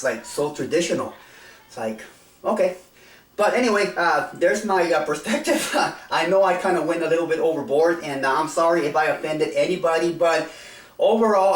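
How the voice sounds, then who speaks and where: A man's voice: fairly high pitch, recorded from a distance. Rambling man in a roomy space. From South Texas. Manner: rambling, hesitant, many fillers and restarts. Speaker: vlogger. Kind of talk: casual monologue to camera. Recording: roomy sound, set back from the mic.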